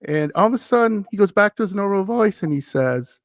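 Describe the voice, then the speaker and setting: Here a Wisconsin man, appearing as a podcast guest, retells a story in a relaxed chat and performs each quoted person's voice with lively energy. He speaks fairly quickly in a high register, and the recording is dry.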